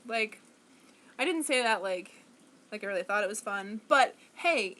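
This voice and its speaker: A woman's voice: on the high side, fairly bright tone. Rambling young woman vlogging at home. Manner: rambling, self-conscious, frequent likes and restarts. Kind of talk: casual monologue to camera.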